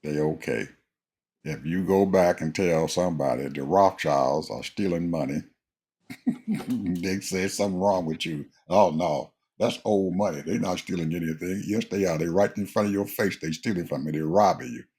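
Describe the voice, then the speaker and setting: Deep, husky man ranting emphatically. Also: normal speed, a little mellow. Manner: emphatic, preacherly, addresses listeners as folks. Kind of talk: casual conversation.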